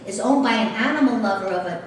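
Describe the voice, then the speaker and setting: A middle-aged woman giving a speech as a guest speaker, telling a personal story with lively, animated delivery. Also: mid-range voice, fast talker, slight background noise. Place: large convention hall. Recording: echoey hall heard from far off.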